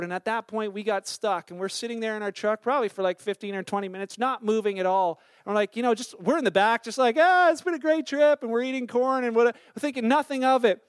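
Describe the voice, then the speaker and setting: A man's voice: high-pitched, smooth, no echo, studio quality. A man sharing a mission-trip testimony with a church in a casual storytelling way. He acts out the dialogue of the people in his story.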